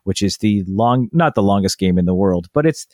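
A man's voice: on the low side, animated, fairly quick, darkish tone, no room sound, studio quality. A man co-hosting a casual chat, explaining at length in a rambling, chatty way. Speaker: podcast co-host.

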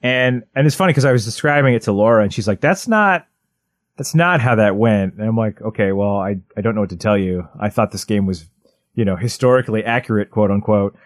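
A man in his thirties, co-hosting a podcast in casual chat, rambling excitedly with lots of "like" and restarts. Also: lowish voice, quick pace, no room sound. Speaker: podcast co-host.

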